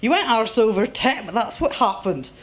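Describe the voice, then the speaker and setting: A woman's voice: on the high side, sing-song, normal speed, voice pushed up. A woman voicing a kindly homeless Scottish man with a broad, friendly way of talking. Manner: broad, friendly, calls people hen and love.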